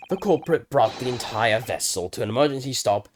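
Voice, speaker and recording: A man's voice: medium pitch, animated, brisk, noisy background, natural voice. A man hamming up a pompous British detective. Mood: explaining. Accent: put-on British. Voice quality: grand, declaiming delivery. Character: pompous male British detective, older, theatrical. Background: video game music.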